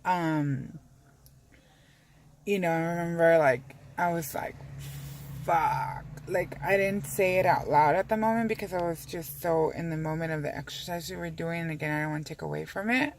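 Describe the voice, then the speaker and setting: A woman's voice: lowish voice, moderate pace. A woman vlogging from inside her car in a rambling, candid way, swearing freely as she talks. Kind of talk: casual chat to camera.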